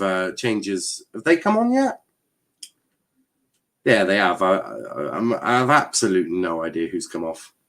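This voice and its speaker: An English man hosts a live stream in casual chat, laughing often, repeating words, and reading out viewer comments with sarcastic asides. His voice is fairly low in pitch and a bit bright.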